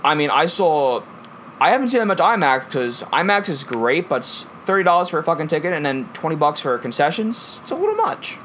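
Young male co-host, higher pitch, rowdy and profane storyteller, off-the-cuff. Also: big pitch swings, fairly quick, a bit bright, slight background noise. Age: young adult. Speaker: podcast co-host. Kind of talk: casual chat.

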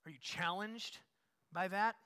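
A pastor delivers a sermon in church at a measured pace, his voice slightly high, bright, and forceful. Repeated phrases climb to loud, emphatic peaks, and between them he slips into low, hushed asides.

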